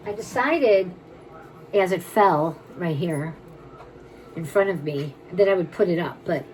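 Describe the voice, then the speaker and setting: A woman's voice: on the low side, darkish tone, a little hiss or hum, low-quality recording. A woman casually chatting as she shows and prices jewelry for sale at home, rambling and full of "like". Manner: chatty, rambling, says "like" a lot. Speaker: jewelry seller. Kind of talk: casual live sales chat. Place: home room crowded with items.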